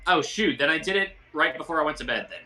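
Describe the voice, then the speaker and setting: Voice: medium pitch, quick pace, bright, forceful tone. A player in a tabletop game, talking casually about what the character does.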